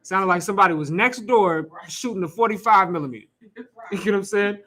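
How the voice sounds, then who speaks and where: High, bright-voiced man preaching casually. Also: brisk. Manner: casual, conversational, rhetorical questions, occasional cursing; laughs and asides to the room. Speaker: teacher leading a scripture class. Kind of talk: informal sermon.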